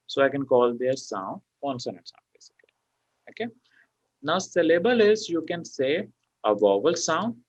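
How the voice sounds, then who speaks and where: A man's voice: medium pitch, no room sound. Man tutoring an exam class, dry dull audio. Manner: explains step by step with many fillers like okay and you know. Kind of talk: online class lecture.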